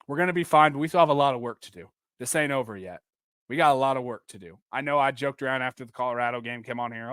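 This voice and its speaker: A man in his twenties, a football coach who hosts a solo sports podcast, vents with frustration and emphatic bursts. His mid-range voice has a sharp tone, captured in a dry, clean studio recording.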